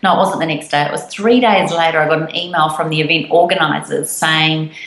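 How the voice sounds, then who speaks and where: Excited woman in a roomy room. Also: deep voice, brisk. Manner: gushing, excited storytelling. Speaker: podcast co-host. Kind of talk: casual chat. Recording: roomy echo.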